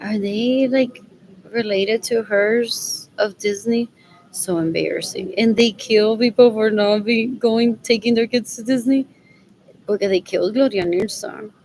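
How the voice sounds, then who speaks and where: A woman's voice: medium pitch, measured pace, a little mellow, slight background noise, rough recording. A woman vlogging in a rambling monologue, agitated and scornful.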